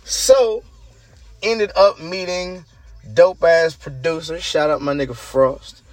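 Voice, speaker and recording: A man with a hoarse, groggy voice, hosting his own show and telling a story in casual chat, swinging between loud hype and murmurs. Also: on the high side, takes it slowly, dry recording. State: hoarse, lost voice. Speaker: show host.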